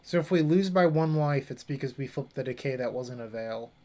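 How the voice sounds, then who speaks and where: Young male streamer, casual mid-pitch talk, plays narrated as he thinks, loose chat with the audience. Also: brisk, a little mellow. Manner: thinking aloud, chatting with viewers between plays. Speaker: streamer playing a card game. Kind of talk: casual gameplay commentary.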